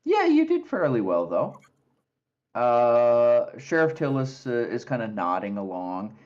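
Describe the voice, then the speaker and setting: A man narrating a tabletop game at an easy, meandering pace, with plenty of uhs and ums. His pitch is mid-range, and the recording sounds dull and lo-fi. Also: measured pace. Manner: relaxed, filler-heavy narration. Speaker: game master.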